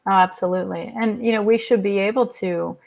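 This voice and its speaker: A woman speaking as a guest in an enthusiastic, storytelling way, her voice at a middle pitch. She acts out what people said as she tells it, with lively ups and downs. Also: a little fast, vocal fry. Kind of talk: casual spiritual conversation.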